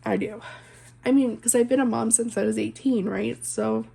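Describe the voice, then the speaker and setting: A woman's voice: a little high, steady tone, normal speed, vocal fry, mellow, husky. A woman in her twenties, a stay-at-home mom, chatting casually and rambling while she colors, full of "like" and "um". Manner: rambling, heavy use of "like" and "um", self-interrupting.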